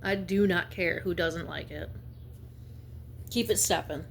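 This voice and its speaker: A woman's voice: lowish voice, creaky. Lady doing a spirit reading, blunt and fired up, lots of restarts, bit of faint hum behind her. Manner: emphatic, halting with many restarts; blunt and fervent, slips into slang. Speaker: intuitive reader.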